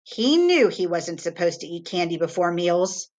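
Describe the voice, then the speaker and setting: A woman teacher reading a children's novel aloud to her class, expressive and clear. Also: fairly low pitch, moderate pace. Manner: expressive, animated read-aloud.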